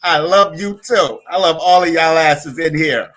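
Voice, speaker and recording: Hyped high-voiced male livestream host. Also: unhurried, poor audio. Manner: hyped, profane, shouting out viewers. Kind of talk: casual livestream chat. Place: family home.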